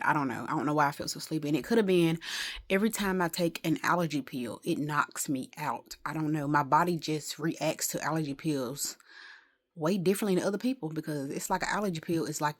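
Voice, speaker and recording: A woman with a somewhat low voice talks loosely into her phone at home, drifting from one thought to the next. She is casual and rambling, with exasperated asides now and then. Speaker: vlogger. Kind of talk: casual day-in-the-life vlog.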